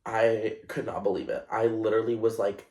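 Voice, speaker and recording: A young man hosting a podcast, telling a story in a casual, animated and self-conscious way, with lots of fillers. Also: fairly low pitch, fairly quick. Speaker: podcast host. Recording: echoey room.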